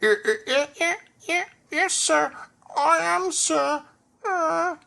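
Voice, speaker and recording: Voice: medium pitch, a little fast, pushed and bright, breathy edge, voice pushed up. A storybook reader voicing a small, fussy boy tank engine who chants in a whiny sing-song. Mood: nervous stammering. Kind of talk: storybook reading.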